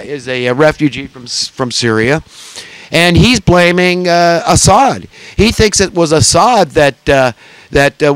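Guy ranting and preaching, kinda high voice, clean dry sound, keeps saying okay. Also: smooth, dry recording, rough recording. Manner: preachy, repeats "okay?", fervent. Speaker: commentator. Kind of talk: impassioned monologue.

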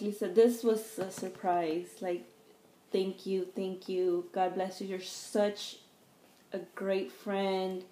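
Slow-talking woman in an echoey room. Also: fairly low pitch, warm tone. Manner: gushing, easily delighted, gasps. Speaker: craft vlogger. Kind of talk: casual unboxing chat. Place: home room. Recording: echoey room, faint background noise.

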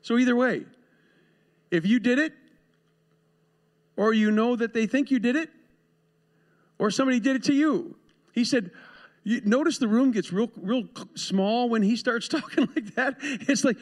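A man with a notably high voice delivers a sermon to his congregation. His style is conversational, with quick asides and little acted exchanges. He sounds recorded in a church sanctuary. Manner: conversational preaching with asides and laughs. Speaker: pastor.

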